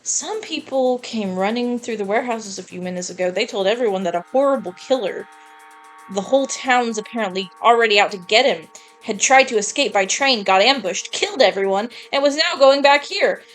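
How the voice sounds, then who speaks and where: A woman's voice: fairly high pitch, lively intonation, fairly quick, faint music behind, close to an everyday voice. A woman reading aloud the lines of an angry, vengeful male gang member from a video game, cursing in a heated way. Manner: reads game dialogue aloud plainly, heated curses.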